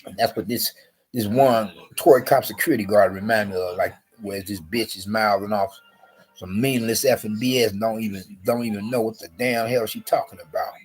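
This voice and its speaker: A man telling a story to camera in a rambling, profane, agitated rant, repeating himself and jumping up in pitch when he quotes his own comebacks. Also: fairly quick. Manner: profane, repetitive, agitated; rises sharply when quoting himself. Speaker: vlogger.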